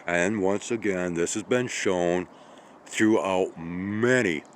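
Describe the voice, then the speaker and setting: Slow, deep-voiced tired man. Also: a little hiss or hum. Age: 50s. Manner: slow, meandering, with frequent "okay?" and "all right?". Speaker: channel host. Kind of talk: rambling monologue.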